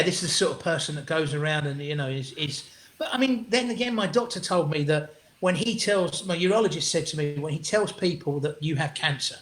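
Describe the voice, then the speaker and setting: A man, a comedian guest telling animated, sweary stories in an interview and acting out what people said. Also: a little high. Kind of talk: storytelling interview chat. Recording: roomy echo.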